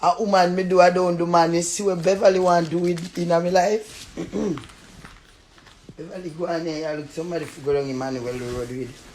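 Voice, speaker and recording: A woman's voice: on the low side, fairly even intonation, moderate pace. A woman with a Jamaican accent trades insults with her landlord in a real-life row. She curses in thick patois and taunts with laughter between her jabs. A faint noise runs underneath her voice. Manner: loud cursing patois, taunting with bursts of laughter. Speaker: tenant in a dispute. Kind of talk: heated real-life argument.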